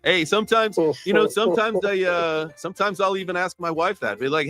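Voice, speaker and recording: A man's voice: high-pitched, fairly quick, few pauses, pushed and bright. A man hosting a casual crypto livestream, joking loosely and swearing freely. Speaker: host.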